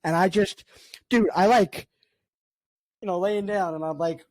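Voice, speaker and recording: A man's voice: high-pitched, measured pace, a little mellow, no echo. A man co-hosting a casual podcast, rambling through a story with lots of filler words. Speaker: podcast co-host and producer.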